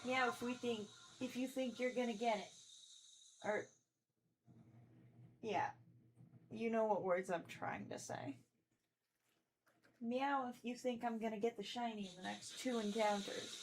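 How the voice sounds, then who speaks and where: A woman's voice: on the high side, steady tone, unhurried, pauses often, noisy background. A woman streamer at home, chatting casually during a live stream and cooing baby talk to her cat.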